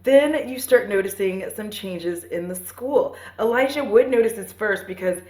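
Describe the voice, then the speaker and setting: A woman in her thirties casually retelling a movie for a podcast, rambling and profane, with playful asides and quick voices for the characters. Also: medium pitch, animated, darkish tone. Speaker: podcast host. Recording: roomy echo.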